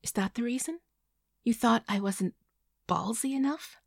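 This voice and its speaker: Hurt, pressing young woman, tense and raised, read by a woman narrator, husky edge. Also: a little high, normal speed, no room sound, clean studio sound, pitched above the performer's own voice.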